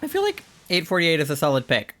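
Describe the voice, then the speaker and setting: A man's voice: fairly high pitch, huge pitch swings, quick pace, sharp tone. A man streaming a game, chatting casually and rambling, with frequent swearing and lots of "like" and "um". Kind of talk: casual chat while gaming.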